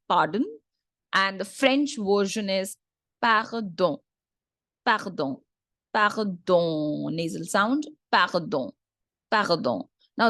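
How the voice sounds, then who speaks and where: A woman teaching a French lesson in English, patiently repeating each word slowly for learners. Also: medium pitch, no echo, clean studio sound. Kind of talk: online language lesson.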